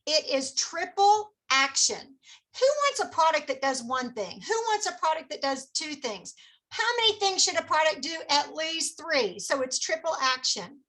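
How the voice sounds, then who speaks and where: A woman's voice: sits high, sing-song, unhurried, fairly bright tone. A woman beauty consultant giving an upbeat, folksy skincare product presentation to a group of friends, coaxing them along with questions. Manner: upbeat and folksy, coaxes her audience with questions.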